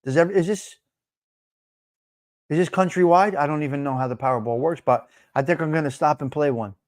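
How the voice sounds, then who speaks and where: A man hosts a casual live stream and keeps laughing as he answers his viewers. His voice sits fairly high, and he reacts to the chat with a lot of energy. The sound is dry and close to the mic. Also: a little fast, dry recording. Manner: laughing, animated, talks back to chat.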